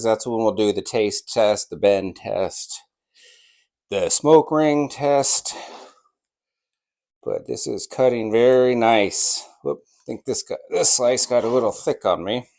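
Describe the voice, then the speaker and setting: Male barbecue vlog host, low-pitched, unhurried delivery, eager and chewing between lines. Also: vocal fry, darkish tone. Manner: enthusiastic, savoring the food, talking with mouth full. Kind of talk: casual cooking vlog while slicing and tasting.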